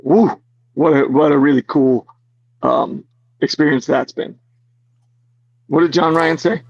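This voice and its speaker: A man being interviewed as an actor guest, telling stories in an animated way, laughing often and full of fillers. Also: on the high side, unhurried, dull audio. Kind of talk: casual interview storytelling.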